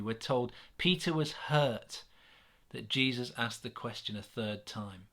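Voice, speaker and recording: A man with an English accent giving a gentle, earnest sermon reflection, with many pauses and restarts. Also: mid-range voice. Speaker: church minister.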